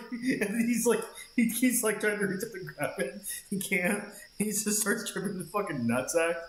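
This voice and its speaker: A man's voice: high-pitched, moderate pace, reverberant. A man streaming a game, telling a long rambling story in casual chat and swearing freely. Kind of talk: casual chat while gaming.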